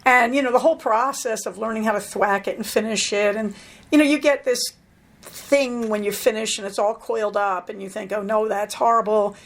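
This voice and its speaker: A middle-aged woman hosting her podcast alone. Her voice sits a little high, and she rambles in a casual, self-deprecating way. She often stops to add a filler before she goes on. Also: fairly quick. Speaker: podcast host.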